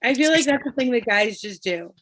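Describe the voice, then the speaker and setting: A woman hosting a casual group chat over a video call, talking in an animated, encouraging way. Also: fairly high pitch, fairly quick. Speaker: host.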